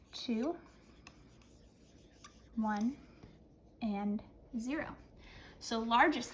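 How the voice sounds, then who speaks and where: A woman's voice: on the high side, slight background noise, poor audio. A woman teaching a spelling lesson, dictating words patiently and counting down before explaining each one.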